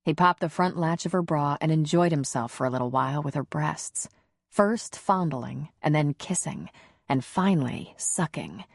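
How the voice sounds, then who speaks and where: A woman narrating an audiobook in a calm, even, intimate reading. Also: low-pitched, moderate pace, creaky, dry recording, clean studio sound. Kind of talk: scripted narration.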